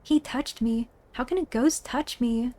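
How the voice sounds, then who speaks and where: A woman's voice: on the high side, unhurried, mellow, close to an everyday voice. A woman voicing a nervous young male thief who keeps asking anxious questions.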